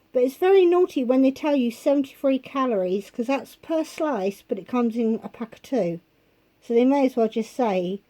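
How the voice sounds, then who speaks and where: A woman talks slowly through her shopping haul, her voice nasal and stuffy from a heavy cold. Her tone is dark and mellow, pitched a little high, and she fills gaps with frequent ums as she reads out prices in a casual, chatty way. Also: low-quality recording. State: blocked nose from a cold. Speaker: vlogger.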